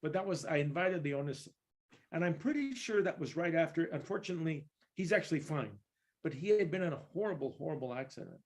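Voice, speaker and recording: Speaking fast and expressively, a guest percussionist from East Los Angeles, California, rambles through stories in a casual interview. His voice sits on the high side with a darkish tone, and he laughs now and then amid fillers and restarts.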